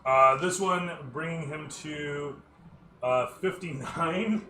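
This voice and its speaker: A man's voice: a little high, takes it slowly, bright, forceful tone, slight background noise. A man narrating a tabletop game as dungeon master, with loose, rambling descriptions that he corrects as he goes. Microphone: streaming microphone.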